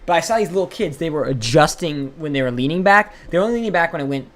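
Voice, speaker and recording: A man's voice: fairly high pitch, expressive, fast talker. A young man telling a rambling, profane story while streaming a game live.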